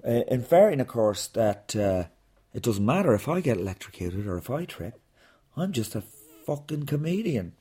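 A man with a voice of ordinary middle pitch tells a comic story in a loose, rambling way. He rants with plenty of sarcasm and swears freely, like a comedian hosting his own podcast. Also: very animated, moderate pace, warm tone, slightly rough. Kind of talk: rambling comic monologue and interview.

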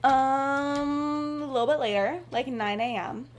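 A woman's voice: a little slow, slight background noise. A woman casually retelling a fan story on a podcast, rambling with lots of "like" and "um" fillers. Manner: drops into soft, low asides.

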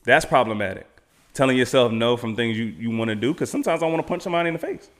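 A man's voice: medium pitch, lively intonation, rapid-fire, a bit bright. A man in a casual group chat, arguing hard as a devil's advocate. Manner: argumentative, playing devil's advocate.

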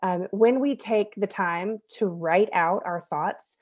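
A woman's voice: medium pitch, takes it slowly, a little mellow. A woman in her thirties, a podcast guest, telling a personal story in an earnest, conversational way and laughing at herself now and then.

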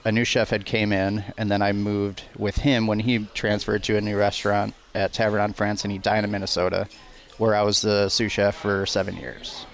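A man's voice: lowish voice, little pitch movement, gravelly. A man, a chef talking easily and plainly as a podcast guest. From Wisconsin. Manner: easygoing, plainspoken, slightly halting. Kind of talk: casual interview chat.

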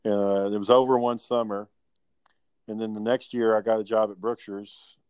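A man's voice: fairly low pitch, level tone, moderate pace, a little mellow, clear, resonant tone, no echo. Profane man telling family stories. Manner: rambling, profane, laughing. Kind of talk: casual storytelling chat.

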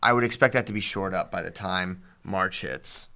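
A man co-hosting a casual sports podcast, reading listener questions and recounting matches with animated detail. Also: sits low, normal speed, vocal fry. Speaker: podcast co-host.

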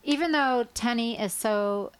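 A woman's voice: on the high side, unhurried, smooth. A woman hosting a casual chat, prompting the guest's story and laughing along. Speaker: host.

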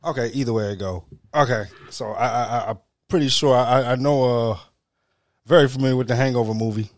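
A man's voice: mid-range voice, a little fast, no room sound. A man co-hosting a casual podcast, rambling, stammering and laughing often, with coarse language. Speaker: podcast co-host. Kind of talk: casual banter.

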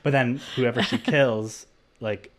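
A man's voice: medium pitch, fairly even intonation, measured pace. A man co-hosting a podcast, casually retelling a film's plot in a rambling way full of "like". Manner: rambling, heavy use of "like". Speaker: podcast co-host. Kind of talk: casual movie recap.

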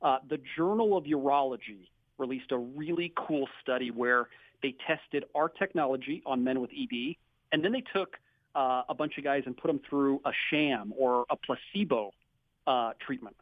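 A man from a clinic giving an upbeat, salesy sponsor pitch on a radio show. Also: lively intonation, moderate pace, dry recording, phone-quality sound. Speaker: clinic representative, sponsor guest.

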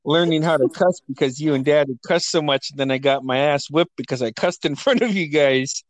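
A young adult man tells rowdy family stories with a fairly high voice, swearing freely and breaking into laughter. The sound is dry and close, with no room echo. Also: a little fast. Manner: laughing, profane storytelling. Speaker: podcast host. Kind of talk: casual family storytelling.

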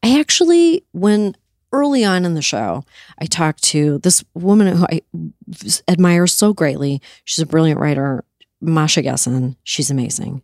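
A woman's voice: sits low, a little mellow, no echo, clean studio sound. A woman host answering interview questions in a heated, emphatic, profane way, with bursts of indignation. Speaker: talk show host.

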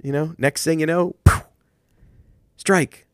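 A man's voice: fairly high pitch, steady tone, slow, no room sound, clean studio sound. A man co-hosting a podcast, telling coaching stories in casual chat with thoughtful restarts. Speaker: podcast co-host.

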